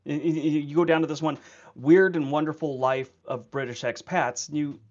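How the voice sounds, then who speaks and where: A man's voice: a little high, fairly even intonation, a little mellow, dull audio. Chatty man on a livestream. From California. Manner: rambling, chatty, quick to laugh. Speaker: livestream host. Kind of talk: casual livestream chat.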